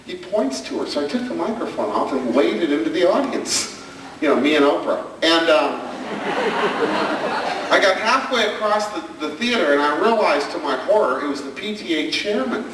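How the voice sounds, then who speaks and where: A man's voice: on the high side, expressive, normal speed, background noise. Man telling family stories on stage. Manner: humorous storytelling, asks the audience questions. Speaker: speaker on parenting. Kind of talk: stage talk to an audience. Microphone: far camcorder. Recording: echoey camcorder recording from far off.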